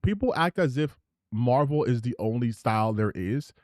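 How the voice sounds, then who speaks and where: A streamer hosts a live stream, reacting to clips with animated, rambling commentary full of restarts. He speaks at a moderate pace with a medium pitch, and the audio is clean studio sound with no echo.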